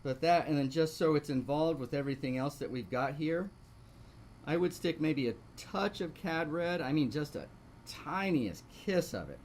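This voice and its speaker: A man's voice: fairly high pitch, lively intonation, moderate pace, a little mellow, slight background noise. Man teaching a painting lesson. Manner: talks through steps, asks rhetorical questions. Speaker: painting instructor. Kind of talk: live online painting lesson.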